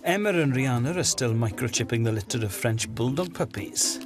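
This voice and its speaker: A woman giving scripted documentary narration in a lively, lightly wry way. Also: very deep voice, brisk, loud music behind the voice.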